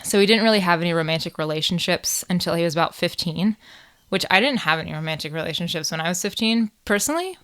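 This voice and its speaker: American woman, low smooth voice, irreverent true-crime podcast co-host. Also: animated, fast talker, fairly bright tone. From United States. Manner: irreverent, swears and jokes while telling the case. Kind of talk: casual true crime chat.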